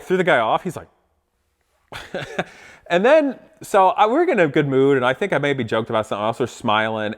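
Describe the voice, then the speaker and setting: A man's voice: a little high, fairly bright tone. A man casually telling a story to camera, laughing often and acting out what people said. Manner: laughs often, acts out quotes animatedly. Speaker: vlogger.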